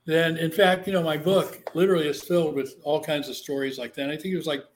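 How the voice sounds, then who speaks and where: Animated storytelling man, slightly high voice. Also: fast talker, slight background noise. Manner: animated, acts out the voices in his stories. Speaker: author and interview guest. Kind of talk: storytelling in an interview.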